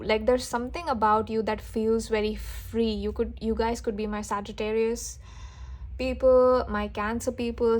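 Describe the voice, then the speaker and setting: A woman tarot reader doing an intuitive reading for viewers, talking gently and with enthusiasm, often restarting and breaking into soft exclamations. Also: fairly high pitch.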